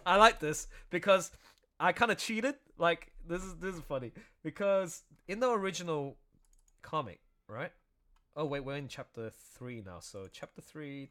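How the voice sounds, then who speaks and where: A man chatting excitedly through commentary on his own audio drama, often laughing as he talks. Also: a little high, normal speed. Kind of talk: casual commentary livestream.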